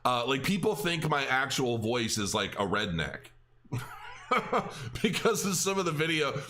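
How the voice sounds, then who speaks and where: Chatty bright-voiced male crypto host. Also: medium pitch, sing-song, a little slow. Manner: rambling, chatty, with restarts and filler words. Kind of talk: casual chat to camera.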